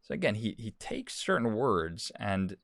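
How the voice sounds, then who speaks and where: A talk show host, male, reads quotes aloud and riffs casually on news and social posts, repeating words often. His voice is on the low side, creaky, and a bit bright, with a sing-song, measured delivery. The studio sound is clean and echo-free.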